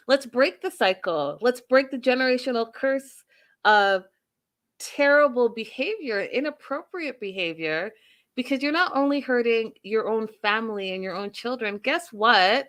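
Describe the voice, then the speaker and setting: A woman's voice: a little high, measured pace, a bit bright. A woman hosting a reality TV recap and review. She talks with strong emphasis, repeating phrases and firing off rhetorical questions at her listeners. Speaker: host. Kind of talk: TV show recap and commentary.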